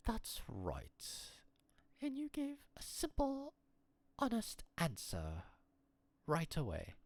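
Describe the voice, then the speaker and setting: A streamer voicing a proud, formal young male bird aristocrat in a raised, breathy half-whisper while reading a game aloud. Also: fairly low pitch, wildly swooping pitch, slow, no echo, pitched above the performer's own voice, exaggerated voice. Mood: haughty. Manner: proud, stiff and formal, sighing.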